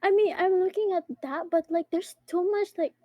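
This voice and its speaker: A woman's voice: very high voice, moderate pace, no room sound, highs cut off. A woman hosting a casual podcast, ranting in exasperation and swearing freely. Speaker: podcast host.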